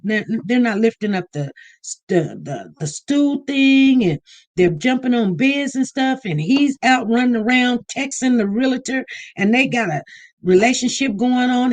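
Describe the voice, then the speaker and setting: A woman giving casual vlog commentary. She speaks in an animated way, circling back over her points and repeating herself. She now and then mimics other people. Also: medium pitch. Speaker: online news commentator.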